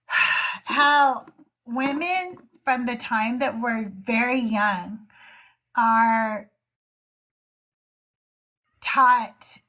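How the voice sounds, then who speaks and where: A woman host talking on a livestream, close to the mic. Her slightly high voice moves at a slow, earnest pace, full of pauses and fillers. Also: a bit bright. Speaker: host of a live call-in show. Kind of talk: casual livestream talk.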